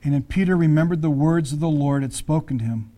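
Brief: male pastor, fairly high voice, chatty sermon delivery with questions to the congregation. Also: fast talker, mellow. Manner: conversational, acts out the Bible voices, asks the audience questions.

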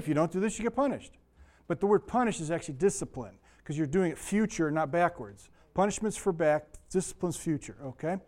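A middle-aged man's slightly high, mellow voice carries a chatty Bible lesson. He digresses into stories and asides, his voice a little sore.

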